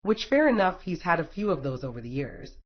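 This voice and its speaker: A man's voice: a little high, very animated, brisk. A man reading a fan fiction story aloud in a wry, casual storytelling manner. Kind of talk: audiobook narration. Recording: dull lo-fi recording.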